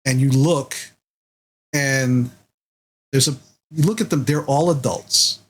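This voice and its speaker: A man's voice: medium pitch, slow, breathy edge, low-quality recording. A man narrating as game master of a tabletop role-playing game, talking in a loose, rambling way full of fillers.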